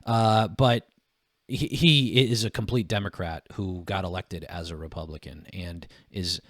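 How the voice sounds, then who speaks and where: A man's voice: low-pitched, no echo, studio quality. A man co-hosting a political podcast, talking casually with many restarts and bursts of emphasis. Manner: halting, restarts a lot, animated when riled. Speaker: podcast co-host.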